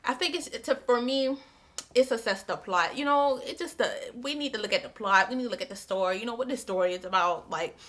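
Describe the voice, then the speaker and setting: Young female book vlogger, bright voice, loose chatty delivery. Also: fairly high pitch, a little fast. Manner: chatty, repeats herself, many "like" fillers. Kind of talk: casual chat.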